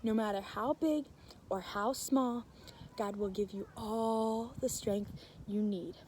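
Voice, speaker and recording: Woman, children's Bible lesson teacher, upbeat, encouraging, fairly high voice, slow and mellow. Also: fairly even intonation, slight background noise. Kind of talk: children's scripture memory lesson.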